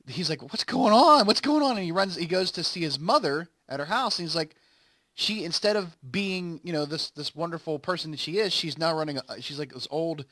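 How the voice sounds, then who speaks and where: A man's voice: fairly high pitch, bright, forceful tone, no echo. A man hosting a gaming channel, casually and ramblingly retelling a story, quoting lines as he goes. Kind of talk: casual recap while playing a game.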